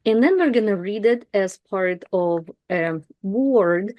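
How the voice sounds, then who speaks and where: A woman teaching a language lesson, pronouncing sounds and syllables slowly and carefully for beginners. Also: medium pitch, lively intonation, no echo, muffled recording. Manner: slow, careful, drawing out sounds and syllables for learners.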